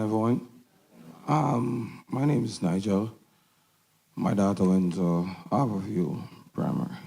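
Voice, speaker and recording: A man giving an emotional parent testimonial at a symposium, halting with simple phrasing. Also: on the low side, gravelly, mellow, low-quality recording. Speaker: parent speaker. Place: symposium hall.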